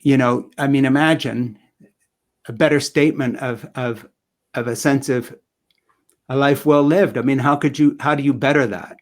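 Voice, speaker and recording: An older man, an author guest in a live online interview, talking in an earnest, halting way and searching for his words. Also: mid-range voice, steady tone. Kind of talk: reflective interview talk.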